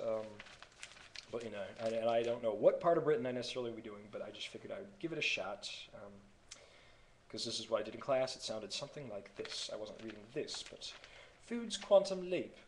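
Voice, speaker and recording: A man's voice: mid-range voice, slight background noise, poor audio. A young man from North Carolina in his twenties, chatting to camera in a rambling, digressive way. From North Carolina, USA. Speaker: vlogger. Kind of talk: casual vlog talk to camera.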